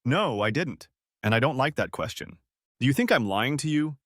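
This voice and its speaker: A man's voice: medium pitch, very animated, normal speed, a bit bright, no echo, clean studio sound. A man voicing an adult wife who stammers defensively and pleads through tears. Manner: stammering, defensive then sobbing.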